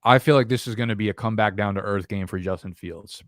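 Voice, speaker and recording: A man's voice: fairly low pitch, fast, no room sound, studio quality. A man with a New Jersey or New York accent hosting a fantasy football live stream, talking casually in a profane, emphatic, rambling way.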